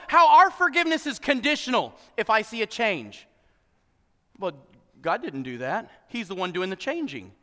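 A male pastor preaching a sermon, swinging from shouted emphasis to quiet low asides and joking with the congregation. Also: long reverb tail. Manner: emphatic preaching, bursts into shouts then drops low and soft. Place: church hall with congregation.

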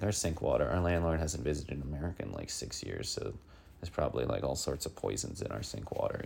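A man's voice: a bass voice, gravelly. A man hosting a one-man comic news show, rambling with lots of fillers and sliding into irritable rants. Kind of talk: casual rambling comic monologue.

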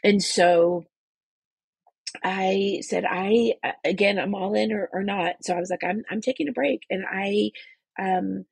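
A woman in her forties tells her faith story as an interview guest, circling back through restarts and fillers. Her voice is husky and gravelly, and her nose is stuffed up from crying. The sound is close and dry. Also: mid-range voice, little pitch movement, slow pace, no echo. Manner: emotional, rambling with many restarts and fillers. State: congested from crying. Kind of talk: personal testimony in a faith interview.

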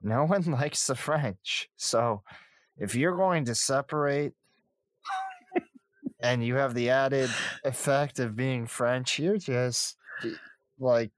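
A man's voice: mid-range voice, takes it slowly, no room sound. A man co-hosting a podcast in casual, joking banter. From Canada. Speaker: podcast co-host. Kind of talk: casual chat.

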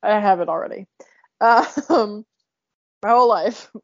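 A woman's voice: mid-range voice, unhurried, no room sound. A young woman hosting a podcast, chatting casually and emotionally, laughing often. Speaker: podcast host. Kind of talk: casual chat. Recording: dull lo-fi sound.

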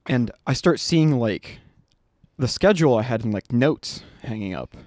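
A man's voice: medium pitch, expressive, moderate pace, darkish tone, no echo, clean studio sound. A man in his twenties on a podcast, telling a story in casual chat, swearing freely and laughing as he goes. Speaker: podcast co-host.

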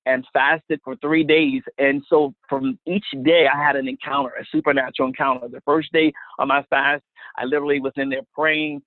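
His medium-pitched voice stays level and runs a little fast as he recounts his personal faith testimony as a guest minister. The telling is earnest and repetitive, and the audio has a dry, phone-line quality.

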